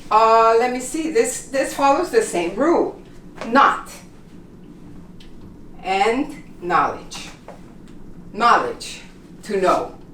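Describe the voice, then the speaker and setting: A woman teaches pronunciation in a slow, unhurried way, repeating each example word with patience. She stands back from the microphone, and her voice echoes around the room. A faint hum runs underneath. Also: medium pitch. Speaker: English teacher. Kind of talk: classroom pronunciation lesson. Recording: echoey room, mic at a distance.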